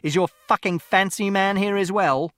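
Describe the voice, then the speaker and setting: A man reading an audiobook voices an angry father who shouts and swears in a row. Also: on the high side, animated, moderate pace, no echo. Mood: furious. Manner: shouting, coarse.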